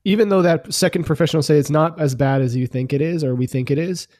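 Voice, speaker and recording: A man's voice: fairly high pitch, quick pace, darkish tone, dry recording, studio quality. A Canadian man in casual chat, hedging and filling his sentences with "like" and "you know.". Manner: hedging, uses many fillers.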